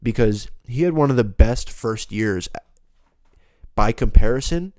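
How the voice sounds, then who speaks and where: A man's voice: mid-range voice, animated, a little slow, darkish tone, no echo, studio quality. Blunt, profane young man ranting. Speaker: podcast host. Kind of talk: solo rant podcast.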